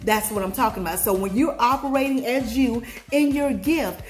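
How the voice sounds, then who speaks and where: A motivational vlogger with a Southern accent, from Georgia, USA, preaches a pep talk in a fairly high voice at normal speed, soft background music underneath. She throws call-and-response questions at viewers and sings snippets along the way.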